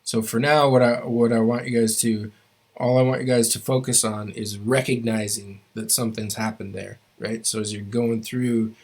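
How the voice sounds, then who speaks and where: A man's voice: medium pitch, steady tone, moderate pace, husky. A man teaching a language class, explaining grammar rules step by step and often stopping to restart his phrases.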